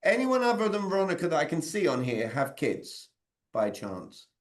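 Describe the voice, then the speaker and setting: A man's voice: on the high side, big pitch swings, normal speed. A man leading an interactive online training talk on sales communication, quizzing his audience by name over a video call.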